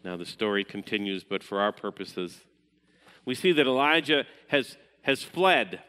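A man preaching a sermon as pastor, measured in delivery and sometimes dropping to a hushed voice. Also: fairly low pitch, animated, smooth, long reverb tail.

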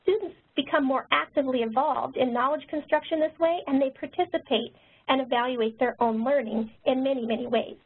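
A woman nurse educator and author who talks quickly, presenting a webinar. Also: high-pitched, steady tone, husky. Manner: fast-talking. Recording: tinny phone-line webinar audio.

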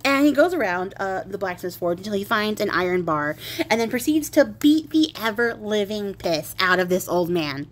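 Woman host, casual wry fairy-tale retelling, mid pitch. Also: animated, normal speed. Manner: wry, chatty, laughs and swears. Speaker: craft video host.

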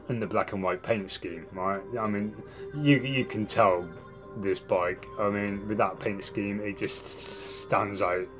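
A young man with a low voice tells a long, rambling story, swearing freely as he goes. Faint music sits quietly under his voice. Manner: swears a lot, rambling and animated when retelling. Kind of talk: casual storytelling monologue.

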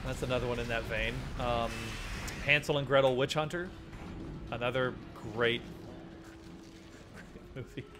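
A man's voice: medium pitch, steady tone, measured pace, long pauses, music in the background. A young man giving casual commentary while playing a horror game, joking, swearing often and yelping at jump scares. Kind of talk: casual let's-play commentary.

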